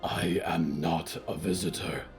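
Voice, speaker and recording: Man voicing a soft-spoken, solemn stitched being. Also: low-pitched, steady tone, unhurried, faint music behind, pitched below the performer's own voice. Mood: soft, earnest. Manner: soft, quiet, formal speech without contractions.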